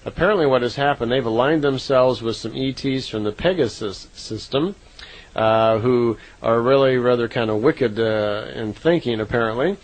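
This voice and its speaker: A man's voice: mid-range voice, rough recording. Man casually retelling a story with fillers. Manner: unhurried, conversational, frequent "uh" fillers and self-corrections. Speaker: narrator recounting contact reports.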